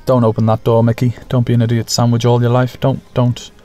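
A man talks over his own gameplay in a casual, self-mocking way, breaking into excited shouts when things get tense. His voice sits at an ordinary middle pitch. Faint music plays underneath. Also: a little fast. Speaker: gaming channel host.

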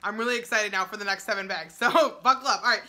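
A woman's voice: medium pitch, fast. A young woman, gushing in a casual food-tasting vlog, full of "like" and "oh my God". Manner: gushing, excitable, filler-heavy. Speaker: YouTuber.

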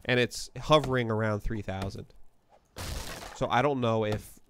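Background noise accompanies a live streamer with a lowish voice and moderate pace as he chats casually over a game from his apartment. He thinks aloud and keeps correcting himself.

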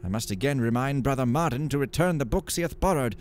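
A man's voice: medium pitch, animated, fast, pitched above the performer's own voice, lightly acted. A fretful old monk librarian mutters in old-fashioned speech, pious, fussy and a little pompous, as a man puts him on for a game. His voice sits a little raised over a faint hiss of background noise. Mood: fretful musing. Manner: archaic, musing, slightly pompous.

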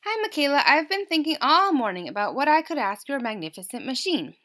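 A woman playing a loud, playful police officer. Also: sits high, sing-song, brisk, voice pushed up. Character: adult male police officer, playful and confident.

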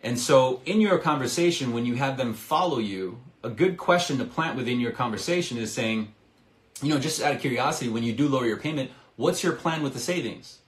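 A man coaching salespeople in a live stream, talking in an energetic, persuasive way and acting out bits of sales dialogue. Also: mid-range voice, fairly quick, roomy sound.

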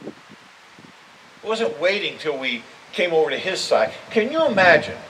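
Older pastor preaching, heard from afar. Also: male voice, on the high side, normal speed. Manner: earnest, building to emphatic appeals. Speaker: interim pastor. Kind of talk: sermon. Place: church sanctuary. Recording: distant mic with steady background noise.

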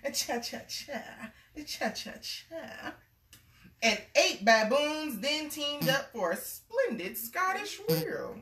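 A woman's voice: high-pitched, sing-song, slow, fairly bright tone, far from the mic. A woman reading a picture book aloud to a child, with playful, chatty asides between pages. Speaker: storybook reader and host. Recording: echoey room, away from the mic.

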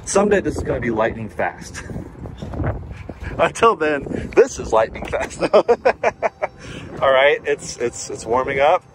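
A relaxed man with a mid-range voice narrates a charging stop with dry little jokes. He is recorded outdoors, and clear wind noise buffets the mic. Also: medium pitch, takes it slowly, pauses often. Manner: relaxed, wry, jokes to himself. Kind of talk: casual vlog narration.

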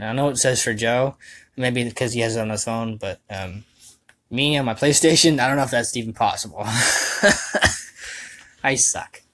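A young man rambling through a casual livestream chat, self-mocking and quick to laugh, recorded at home on a computer mic. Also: medium pitch, sharp tone. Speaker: vlogger and voice dubber.

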